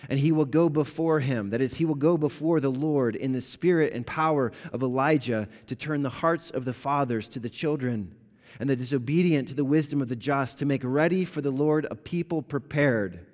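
A man preaching a sermon as a pastor, explaining scripture conversationally and bringing the story to life with lively retellings. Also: medium pitch, moderate pace. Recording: long reverb of a large hall.

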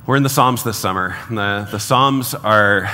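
A man with a low voice preaches a Sunday sermon in an earnest, lively way. He speaks in a church sanctuary, and the sound carries a long hall reverb. A faint room ambience sits behind him. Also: measured pace, slight background noise. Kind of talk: sermon with read-aloud passage.

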